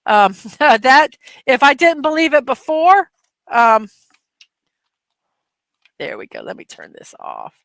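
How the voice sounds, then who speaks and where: A woman's voice: high voice, very animated, slow, creaky, long pauses, fairly bright tone, no echo. A middle-aged woman hosting a casual livestream chat, telling rambling stories full of fillers and laughs from her computer desk at home. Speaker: livestream host.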